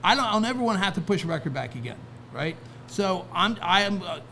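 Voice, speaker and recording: A man with a gravelly, creaky voice, pitched a little higher than most men. He talks loosely in casual interview chat, circling back with restarts and asking "right?" as he goes, with faint noise in the background. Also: fairly bright tone. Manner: rambling, many restarts and "right?" asides. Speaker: guest, record label founder.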